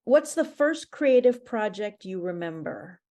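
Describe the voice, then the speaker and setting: A woman's voice: mid-range voice, lively intonation, a little slow, mellow. A woman hosting a podcast interview who asks short questions and gives brief, encouraging responses. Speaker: podcast host.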